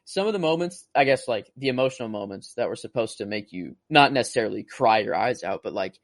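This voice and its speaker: A man's voice: fairly low pitch, animated, fast, dry recording, studio quality. Rambling, enthusiastic male podcast co-host. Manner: rambling, filler-heavy, enthusiastic retelling. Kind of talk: casual movie review chat.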